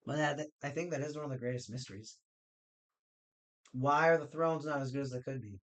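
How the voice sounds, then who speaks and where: A man's voice: mid-range voice, brisk. A man chatting casually on a live stream while building card game decks, rambling and joking with his chat.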